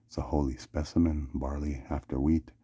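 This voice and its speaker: A man's voice: extremely low pitch, little pitch movement, moderate pace, mellow, husky, no room sound. A man delivering a rambling vlog monologue, repeating "yeah" and "yes" as refrains. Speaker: vlogger.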